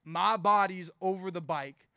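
A man's voice: high voice, unhurried, creaky, bright, forceful tone, dry recording, studio quality. A young man preaching as a youth pastor, casual and storytelling, with playful asides. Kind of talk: youth sermon.

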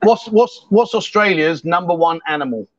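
A man's voice: high-pitched, expressive, normal speed, dry recording, highs cut off. A man from England hosting a casual livestream, teasing his guest and reading viewer comments aloud in a jokey way. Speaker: livestream host. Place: bar in Thailand.

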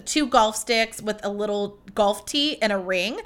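A woman's voice: medium pitch, a little slow, fairly bright tone, clean tone. A young woman hosting her own podcast, chatting in a bubbly, rambling way with lots of fillers. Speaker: podcast host. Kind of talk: casual chat.

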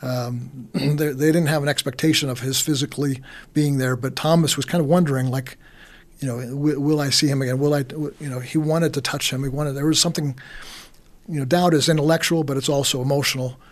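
A man's voice: mid-range voice, steady tone, brisk. A man in casual conversation about faith and doubt, rambling, repeating words and using many fillers.

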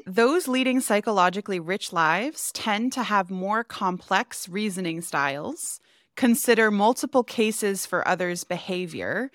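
A woman's voice: mid-range voice, fairly bright tone, no echo, clean studio sound. A woman co-hosting a casual podcast chat, speaking reflectively and reading quotes aloud. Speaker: podcast co-host. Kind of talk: casual chat about a psychology paper.

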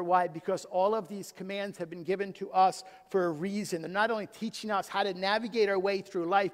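A middle-aged man, a pastor, preaching a sermon with emphasis, swinging from loud to hushed. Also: high voice. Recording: long hall reverb.

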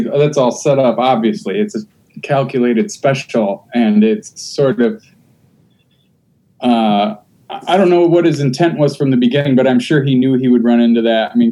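A man's voice: medium pitch, dark tone, low-quality recording. A man chatting casually on a podcast, rambling with many fillers and restarts. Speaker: podcast host.

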